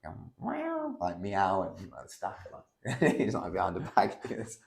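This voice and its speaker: A low, creaky voice at normal speed comes from a young British guest on a podcast, an amateur MMA fighter. He rambles casually through a story, dropping in plenty of fillers and swear words.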